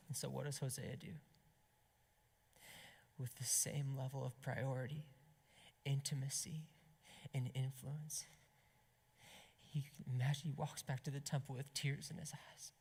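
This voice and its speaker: A man preaching an impassioned sermon to a gathering, swinging between loud emphasis and hushed whispers. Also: mid-range voice, level tone, a little slow, creaky, pauses often, breathy edge. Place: gathering hall. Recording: long hall reverb.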